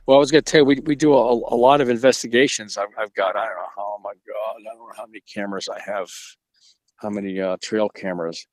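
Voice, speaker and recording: A man's voice: lowish voice, fairly even intonation, fast talker, dry recording. A middle-aged man from Georgia, telling a story on a video call and acting out the voices in it with many restarts. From Georgia, USA. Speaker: interview guest, museum owner. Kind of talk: storytelling in a casual interview.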